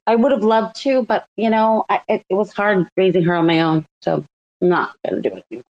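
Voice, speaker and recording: A woman's voice: medium pitch, brisk, darkish tone, muffled recording. A woman co-hosting an online audio chat, talking casually and rambling, laughing often. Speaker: co-host. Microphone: online audio call.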